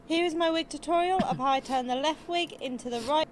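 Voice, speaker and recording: Female narrator, polished newscaster-style delivery, slightly high voice. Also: brisk, a little hiss or hum. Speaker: wig tutorial narrator. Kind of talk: instructional voice-over.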